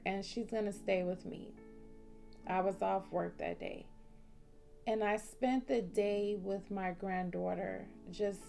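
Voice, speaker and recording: A woman in her forties telling a heartfelt personal story in a slow, emotional vlog. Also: mid-range voice, creaky. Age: 40s. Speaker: vlogger. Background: soft instrumental music.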